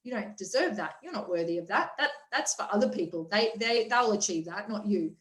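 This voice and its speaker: Sneering inner voice of self-doubt, acted by a woman; low, quiet, dismissive, echoey room. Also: expressive, a little fast, natural voice.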